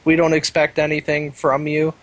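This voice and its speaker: Male podcast co-host, higher voice, teasing, loose gaming chat. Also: monotone, fairly bright tone, no room sound. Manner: joking, quick to tease.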